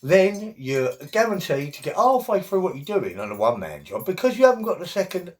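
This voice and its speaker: Middle-aged man, rambling jokey vlog talk, animated pitch. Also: fairly quick. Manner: chatty, jokey, wandering asides. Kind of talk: rambling casual monologue.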